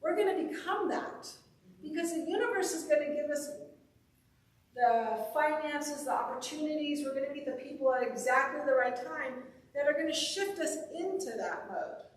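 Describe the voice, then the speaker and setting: High-voiced woman preaching in an echoey hall. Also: animated, moderate pace, recorded from a distance, a little hiss or hum. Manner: storytelling, conversational and upbeat. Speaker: minister. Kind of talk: sermon. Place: church sanctuary.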